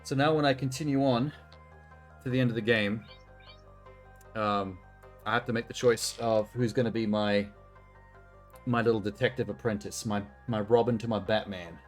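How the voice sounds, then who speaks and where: A man's voice: lowish voice, steady tone, moderate pace, long pauses, soft background music. A man casually commenting as he plays a video game on a live stream, chatty and given to swearing and talking to himself. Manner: chatty, profane, self-talking while playing. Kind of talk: casual let's-play commentary.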